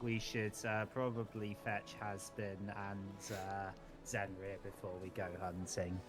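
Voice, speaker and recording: A man playing a tabletop game, talking hesitantly with many pauses and fillers. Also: lowish voice, flat delivery, music in the background. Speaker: player.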